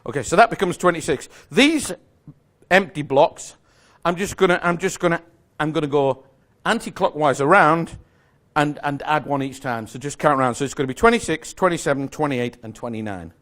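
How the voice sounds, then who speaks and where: A man's voice: fairly high pitch, fairly quick, fairly bright tone. Chatty man lecturing on magic. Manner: chatty, self-correcting, joking with the audience. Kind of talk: live lecture explaining a routine. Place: lecture room with a live audience.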